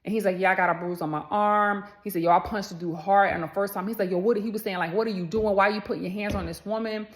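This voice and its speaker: A woman's voice: mid-range voice, fairly even intonation, fast talker, hardly any pauses. A woman, chatting casually to camera and telling a story, addressing viewers as y'all and acting out the voices in it.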